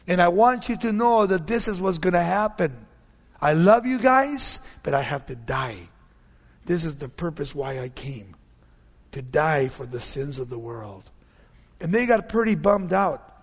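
A man preaching a sermon as a pastor, telling stories animatedly and often dropping to hushed tones. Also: high-pitched, big-room sound.

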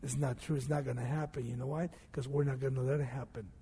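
A male preacher giving a sermon, swinging from hushed low passages to loud emphatic peaks and asking and answering his own questions. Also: flat delivery, quick pace, slightly rough. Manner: asks and answers rhetorical questions. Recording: long hall reverb.

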